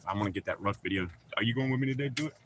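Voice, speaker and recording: A man's voice: on the low side, very fast, fairly bright tone, slight background noise. A man hosting a livestream, chatting casually and profanely with viewers and joking around. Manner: profane, joking, talks back to chat. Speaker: livestream host.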